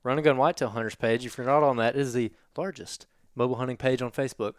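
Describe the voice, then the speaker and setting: A man's voice: mid-range voice, fairly even intonation, quick pace, clear, resonant tone, no echo. Jokey Southern podcast co-host, man. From Alabama. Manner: jokey, laughs easily, reads listener reviews. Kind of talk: casual podcast chat.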